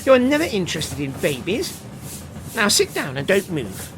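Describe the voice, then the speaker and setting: A reader voicing a brisk, headstrong girl. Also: mid-range voice, wildly swooping pitch. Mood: stern. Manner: brisk, firm. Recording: hissy home recording.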